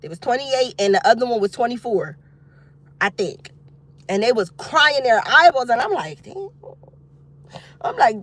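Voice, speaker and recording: A woman vlogger chatting casually with her viewers from outside a youth football practice. She is expressive and loose, with frequent laughter. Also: on the high side, moderate pace, long pauses. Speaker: single mom vlogger talking to viewers. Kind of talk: casual chat.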